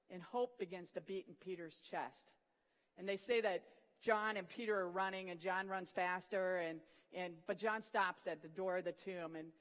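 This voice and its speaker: Scripture stories are retold vividly in this sermon by an earnest preacher with a mid-range pitch, who uses sudden hushed moments for emphasis. The voice echoes with the long reverb of a big hall.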